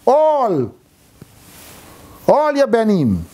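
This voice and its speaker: A man with a very high, warm voice and wildly swooping pitch teaches a class on Hebrew letters and words, with a little hiss or hum in the audio. The Bible teacher often asks his students questions, pausing to correct himself and restart.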